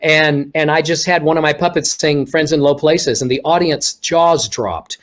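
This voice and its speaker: A man with a somewhat high voice talks over a video call. He tells his stories in an animated way and acts out what people said along the way. He grew up in Texas but has no regional accent. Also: moderate pace. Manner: animated storyteller acting out quoted remarks. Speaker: guest, ventriloquist. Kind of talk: casual storytelling interview.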